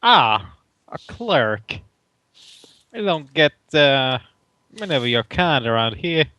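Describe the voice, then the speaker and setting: A man voicing a gruff male innkeeper in a tabletop game, with a Brooklyn accent. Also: medium pitch, sing-song, takes it slowly, pushed and bright, no echo, lo-fi sound, heavily acted.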